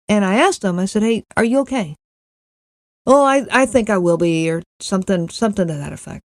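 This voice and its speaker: Her voice a little high and a little mellow, a middle-aged podcast host shares a personal story in an earnest manner. She repeats words often and plays out quoted lines from other people, all captured in clean, echo-free studio sound.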